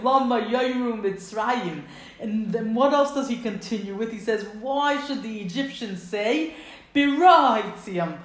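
A woman teaching a Torah text, quoting Hebrew verses and explaining each in earnest detail. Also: on the high side. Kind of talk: text study lesson. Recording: echoey room.

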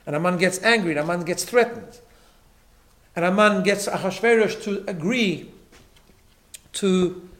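A man's voice: high-pitched, gravelly. A man teaching a Torah class, emphatic, often repeating words and checking in with "right?". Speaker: rabbi.

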